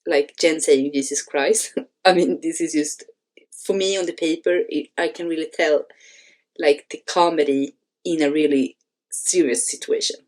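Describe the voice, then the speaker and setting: A woman's voice: deep voice, steady tone, a little slow, darkish tone. A woman hosting a screenwriting channel, reading and analyzing a screenplay in a hesitant way, with many fillers and restarts.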